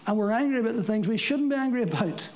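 A preacher giving a sermon to a congregation, talking plainly with rhetorical questions and dry asides, slowing down for scripture quotes. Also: medium pitch, animated, a little mellow, slight background noise, poor audio. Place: church service before a congregation.

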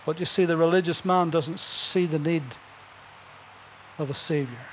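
A man's voice: a little high, unhurried, a little hiss or hum. A man preaching a sermon, telling Bible stories and building to emphatic punchlines, with chuckles between points.

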